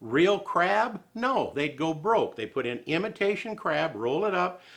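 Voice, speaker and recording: A man walks through a recipe in his kitchen, joking and chatting in a down-home way. His voice is bright and forceful, sitting a little high. The delivery is folksy and good-humored throughout. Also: sing-song, measured pace, gravelly. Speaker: cooking show host. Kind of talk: folksy cooking demonstration.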